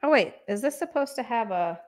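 A young adult woman chatting on a live stream from a room at home, excitable and chatty, thanking viewers by name and bursting into squeals. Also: a little high, fairly quick. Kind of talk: casual live-stream chat.

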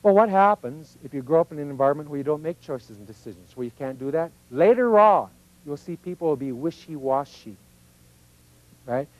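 A man's voice: a little high, animated, fairly quick, no room sound, dull audio. Folksy man teaching with a dry sound. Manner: conversational, folksy, acts out little voices of kids and parents. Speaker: speaker on personal growth. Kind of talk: informal teaching talk.

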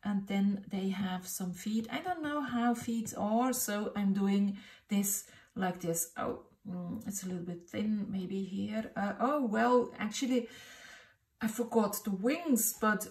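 A woman's voice: medium pitch, slow pace, darkish tone. A woman thinking aloud as she draws, hesitant and muttering, asking herself questions as she goes. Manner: hesitant, muttering, many fillers and self-questions. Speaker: drawing teacher. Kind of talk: thinking aloud while drawing. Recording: roomy echo, distant mic.

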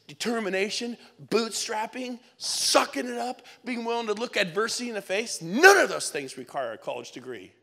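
A middle-aged man giving an energetic motivational speech to a live audience at an event, firing questions at the crowd in short punchy bursts. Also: high voice. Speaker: motivational speaker. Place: event hall.

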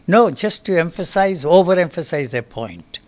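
A man in his eighties, an interview guest in a studio, speaking in an emphatic, forceful and blunt manner. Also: a little high, lively intonation, moderate pace. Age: 80s. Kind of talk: fiery spoken discourse. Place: recording studio.

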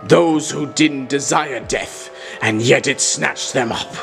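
A performer voicing a grandiose villain who devours robots, speaking with slow, theatrical menace in a fan-made puppet drama. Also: mid-range voice, gravelly, a bit bright, soft background music. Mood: menacing. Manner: slow gloating speech with wild swings and maniacal laughs. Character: sinister robot-eating male villain, gloating, grandiose.

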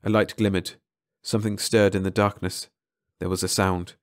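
A man narrating a short science fiction story aloud in a measured way, slowing on key phrases. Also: deep voice, level tone, no echo, studio quality. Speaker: audiobook narrator.

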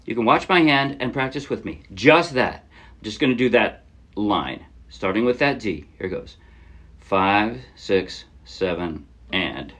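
A man's voice: medium pitch, expressive, moderate pace. A man teaching a ukulele lesson in a casual, chatty way, talking through chords and counting beats aloud as he plays. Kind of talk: casual instructional talk. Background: loud ukulele playing.

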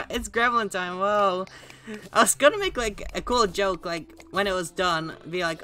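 A woman's voice: medium pitch, animated, a little slow, sharp tone. A woman streamer giving casual, sarcastic, self-mocking commentary while playing a game. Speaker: gaming streamer. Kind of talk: casual live gaming commentary.

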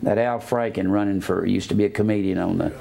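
A man preaching a sermon, spelling out words letter by letter and swinging between low asides and raised emphatic preaching. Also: steady tone, fast talker, creaky, mellow.

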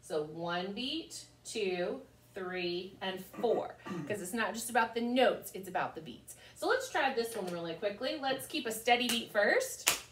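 A woman's voice: medium pitch, animated, unhurried. A woman teaching children a music lesson, cheerfully chanting rhythm syllables. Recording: echoey room, mic far off.

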